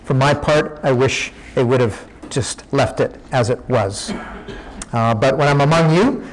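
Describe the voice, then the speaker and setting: A man's voice: medium pitch, expressive, measured pace, slight background noise, rough recording. A man preaching a sermon, teaching in a conversational way, often restarting his sentences.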